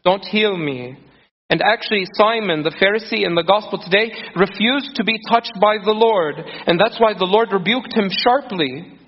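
A man's voice: high voice, moderate pace, husky. A man preaching a sermon earnestly, acting out scripture quotes with feeling. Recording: muffled sound in a reverberant hall.

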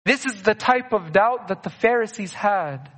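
High-voiced preacher in an echoing hall. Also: male voice, animated, moderate pace, a bit bright. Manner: earnest, repeats key phrases for emphasis. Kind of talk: sermon. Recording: long reverb of a large hall.

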